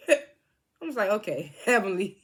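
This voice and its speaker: A woman's voice: medium pitch, sing-song, slow, breathy edge. Chatty woman recapping reality TV. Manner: chatty, laughs often, quotes cast members. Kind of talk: casual recap.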